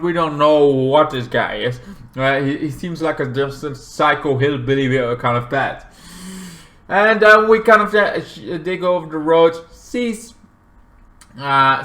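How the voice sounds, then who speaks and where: A young man recapping a movie in a loose, rambling way, leaning on filler phrases over and over. His voice sits a little high and swings widely up and down, with a bright, tense edge, and he breaks into loud, high acted quotes. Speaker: movie reviewer.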